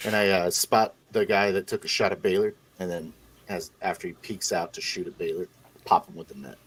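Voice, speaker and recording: A man with a very low voice plays a tabletop role-playing game. He describes what his character does in a relaxed, first-person way. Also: a little fast, a little hiss or hum. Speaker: player.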